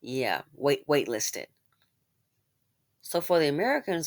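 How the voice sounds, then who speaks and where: A woman hosting a commentary channel, talking casually with sarcastic asides that swing between loud exclamations and muttered remarks. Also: deep voice, very animated, slow, pauses often.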